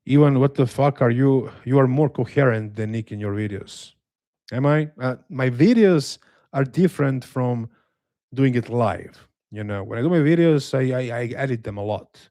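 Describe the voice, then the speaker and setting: A man with a Slavic accent chats on his livestream, answering viewers with dry, self-deprecating humor and plenty of restarts. His voice sits in an ordinary middle pitch. The mic is close and dry, with no room sound. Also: moderate pace, mellow, dry recording. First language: a Slavic language. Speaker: livestream host reading chat. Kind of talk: casual live watch-along chat.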